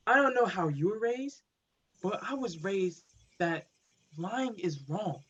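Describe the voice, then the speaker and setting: A man's voice: high-pitched, animated, slow, a bit bright, husky, exaggerated voice. A man reading the part of a blunt, stubborn young police officer in a play reading over a video call. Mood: arguing. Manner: blunt, argumentative. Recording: dull lo-fi video call audio.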